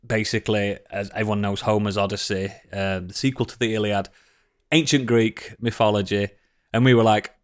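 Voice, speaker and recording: A man's voice: fairly low pitch, flat delivery, normal speed, clear, resonant tone. A man co-hosting a casual podcast chat, laughing often, swearing and trailing off mid-sentence. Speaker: podcast co-host.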